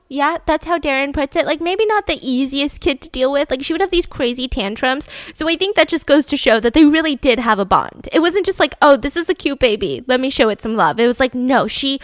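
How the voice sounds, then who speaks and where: A woman's voice: a little high, dry recording. A woman hosting a podcast, telling a true-crime story in a chatty, casual way and acting out quotes. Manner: chatty, acts out quotes, lots of "like". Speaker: podcast host.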